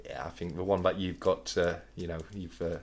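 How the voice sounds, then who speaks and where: Giggly low-voiced man, rambling chat. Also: fairly quick, a little hiss or hum. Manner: chatty and giggly, rambling with fillers. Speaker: livestream co-host. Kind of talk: casual livestream chat.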